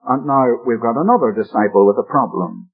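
A man's voice: medium pitch, animated, brisk, husky, soft background music. A man preaching a Bible-teaching sermon on the radio, earnest and emphatic as he explains the text. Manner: earnest, emphatic expository delivery. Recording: narrow-band old radio broadcast.

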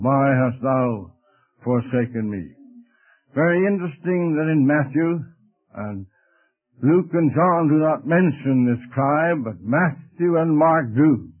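A man preaching a sermon at an unhurried, deliberate pace, his voice sitting a touch high. He lingers over each scripture line he reads aloud. The sound is thin and narrow, like an old radio broadcast. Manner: slow, deliberate preaching, drawing out scripture quotes. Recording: tinny phone-like radio broadcast.

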